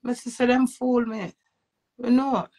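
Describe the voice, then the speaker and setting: A Jamaican woman delivering a preachy rant straight to her viewers. Her voice sits fairly high but carries a gravelly, fried edge, jumping from loud bursts down to low mutters. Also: fairly even intonation, unhurried. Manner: emphatic, preachy, swings between loud outbursts and low muttering. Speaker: social media personality. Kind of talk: ranting monologue to camera.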